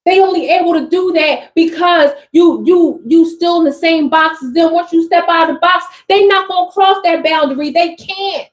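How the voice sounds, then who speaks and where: Emphatic high-voiced woman doing a tarot livestream. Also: moderate pace, few pauses, rough recording. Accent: US East Coast. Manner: animated and emphatic, repeats phrases, slangy. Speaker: spiritual coach reading tarot for a live audience.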